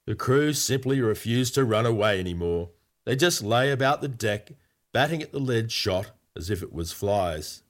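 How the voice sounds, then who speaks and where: Playful man reading a story. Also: on the low side. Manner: playful, whimsical.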